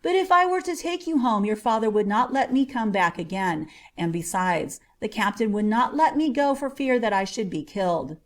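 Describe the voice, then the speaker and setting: A woman voicing a big, easygoing forest outlaw who speaks calmly and teasingly. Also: fairly high pitch, normal speed, few pauses, close to an everyday voice. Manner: calm, teasing.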